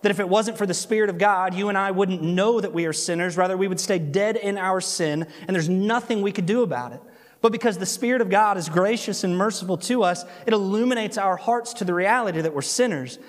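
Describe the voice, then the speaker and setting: Male pastor, fairly high voice, sermon delivery, big church reverb. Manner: animated storytelling, slows for emphasis. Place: church sanctuary. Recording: long hall reverb.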